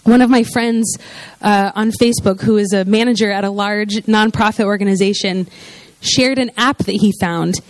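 A woman's voice: medium pitch, steady tone, normal speed, no room sound. A woman giving a conversational sermon, chatty and informal, full of "you know" and "like" asides. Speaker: preacher.

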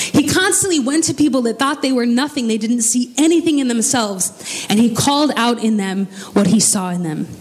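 A woman preacher delivering a sermon, telling the story with casual, joking asides. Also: on the high side. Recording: long reverb of a large hall.

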